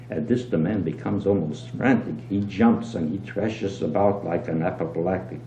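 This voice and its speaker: An older man reading a short story aloud as a lively storyteller, dropping low on asides. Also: normal speed, hardly any pauses. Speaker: reader. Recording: dull, roomy old home tape with hum.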